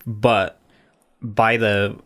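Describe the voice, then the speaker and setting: A man's voice: fairly low pitch, little pitch movement, drawn-out words, a bit bright. A man co-hosting a podcast in casual chat, rambling and laughing often, with many restarts. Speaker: podcast co-host.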